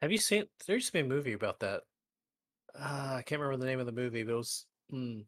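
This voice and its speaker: A man co-hosting a live stream, trading jokes and poking fun at himself. His voice sits in a middle pitch, recorded close and dry with no room sound. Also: lively intonation, fast, a bit bright, no echo. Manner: joking, self-deprecating banter. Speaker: podcast co-host. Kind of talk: casual chat.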